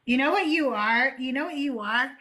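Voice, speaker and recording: Bright, high older woman host. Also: lively intonation, normal speed. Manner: laughs often, swears casually. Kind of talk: casual chat on a live call-in stream.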